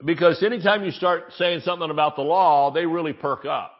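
A man preaching a sermon as pastor, conversational and joking, with frequent restarts, reading scripture slowly between asides. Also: on the high side, fairly even intonation, lo-fi sound.

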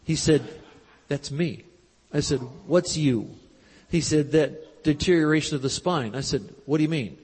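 A man preaching at a live convention, his slightly high, husky voice carrying through a large hall with a long echo. He tells a story in a folksy, animated way, acting out the dialogue as he goes. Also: normal speed. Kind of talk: storytelling sermon. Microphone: handheld mic.

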